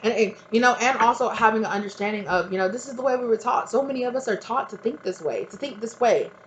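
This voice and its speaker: A woman's voice: a little high, quick pace, lo-fi sound, slight background noise. A woman giving a tarot reading in a casual, blunt, emphatic monologue. She swears freely and keeps asking the viewer "right?". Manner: talks straight to the viewer, often adds "right?". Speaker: tarot reader. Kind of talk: casual spiritual advice monologue.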